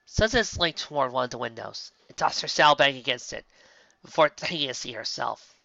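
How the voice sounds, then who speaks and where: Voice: medium pitch, brisk, vocal fry, sharp tone, no echo. An audiobook reader expressively reading fan fiction aloud, with occasional slips, on a slightly dull, dry recording.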